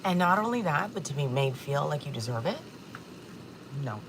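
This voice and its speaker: Close to tears, a livestream host in her forties talks openly and emotionally from her kitchen at home, cursing freely. Her low voice swings widely in pitch at a normal speed, with background noise present.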